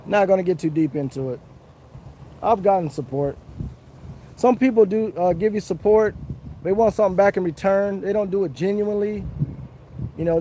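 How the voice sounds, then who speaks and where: Outdoors under a tree, a man chats casually with viewers on a fishing livestream, earnest, repetitive and chuckling. His voice sits high with a dark tone.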